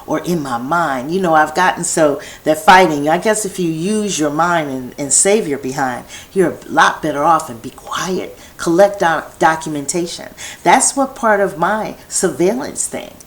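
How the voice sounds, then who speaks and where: Woman vlogger, low voice that swings widely, rambling home monologue. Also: animated, normal speed, hardly any pauses, rough recording. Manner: meandering, restarts thoughts, chatty asides. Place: home video set.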